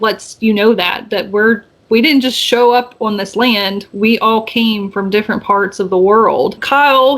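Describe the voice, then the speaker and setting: A woman co-hosting a podcast, recapping a movie in casual, rambling chat full of fillers and restarts. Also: fairly bright tone. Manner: acts out quoted lines with raised pitch. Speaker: podcast co-host.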